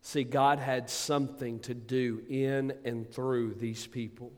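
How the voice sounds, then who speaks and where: A man preaching a sermon, swinging from booming emphasis to quiet asides. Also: flat delivery, slow pace, few pauses. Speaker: pastor. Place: church sanctuary. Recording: long hall reverb.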